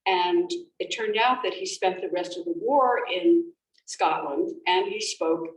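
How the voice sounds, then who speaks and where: A woman's voice: fairly low pitch, animated, a little slow. Woman speaking in an echoey room. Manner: storytelling, with frequent restarts and fillers. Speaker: author giving a library talk. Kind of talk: conversational presentation. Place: library event room. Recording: roomy, distant, faint background noise.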